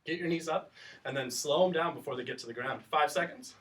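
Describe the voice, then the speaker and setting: In this instructional exercise video, a man leads a children's workout class, counting down reps and explaining as he goes while breathing hard from the effort. His voice is a little high, a bit bright, and slightly fast, picked up from a distance by the mic.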